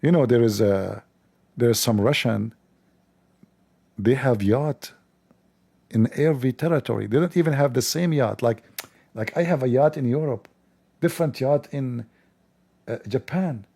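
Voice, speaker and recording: A man's voice: mid-range voice, a little slow, creaky, pauses often, dark tone, slightly rough. A man hosting a livestream, giving sarcastic commentary on a video in scornful, mocking tones, with non-standard English grammar. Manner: mocking, scornful, exaggerated incredulity. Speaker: livestream host.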